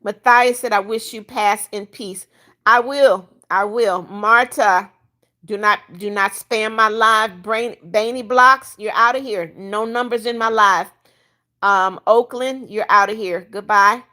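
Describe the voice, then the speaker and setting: A woman's voice: medium pitch, fairly even intonation, measured pace, sharp tone. An older woman hosting a casual livestream, reading viewer comments aloud and bluntly kicking out troublemakers. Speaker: livestream host reading chat.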